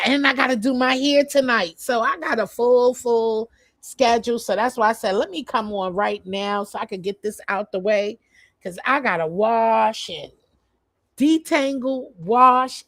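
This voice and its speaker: Woman rambling slow on a home livestream, lots of ums, dry close sound. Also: medium pitch, no room sound. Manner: chatty, rambling, lots of fillers. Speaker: vlogger. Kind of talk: casual live stream chat.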